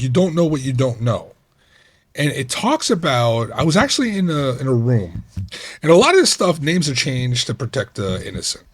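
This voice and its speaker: Middle-aged male podcast host, husky, conversational, animated when he quotes people. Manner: animated, acts out quoted coworkers with raised pitch. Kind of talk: casual storytelling monologue.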